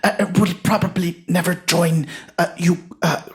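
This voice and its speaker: A man's voice: high voice, fairly even intonation. A man voicing a gloomy, hesitant older man with a solemn oddball manner who halts and restarts often, in a comedy sketch. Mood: deadpan. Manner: halting, full of uh and restarts.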